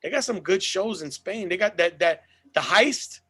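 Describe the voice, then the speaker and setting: A man's voice: high-pitched, lively intonation, normal speed, a bit bright, breathy edge. A man hosting a casual podcast, chatting in a loose, profane, laid-back way. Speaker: podcast host.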